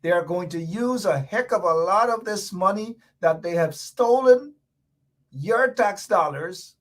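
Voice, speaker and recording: A man's voice: high-pitched, a bit bright. A man with a Guyanese accent hosting a radio show, delivering fiery, emphatic political commentary with lots of repetition.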